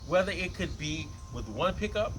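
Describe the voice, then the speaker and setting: Lively man demonstrating a bass. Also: moderate pace, low-quality recording. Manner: loose, conversational, repeats phrases. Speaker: bass guitar teacher. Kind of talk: casual instrument demonstration. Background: bass guitar playing between lines.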